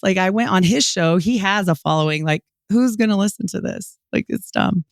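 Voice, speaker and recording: A woman in her forties from Utah, a podcast guest telling her story in a lively way, acting out what people said and laughing often. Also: fairly low pitch, normal speed, few pauses, no room sound, clean studio sound. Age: 40s. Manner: animated, quotes people in lively voices, many "like" fillers. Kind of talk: storytelling interview.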